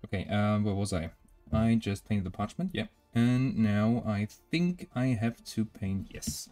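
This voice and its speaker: German man, native German speaker with a German accent, lowish voice, relaxed hesitant hobby-stream chat. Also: measured pace, faint music behind. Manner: hesitant, many filler sounds. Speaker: miniature painting streamer. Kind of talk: casual chat while painting.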